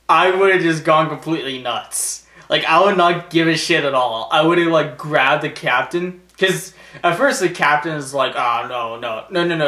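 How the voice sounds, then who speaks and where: A young man giving a casual movie review, animated and laughing often, swearing freely. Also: fairly high pitch, reverberant.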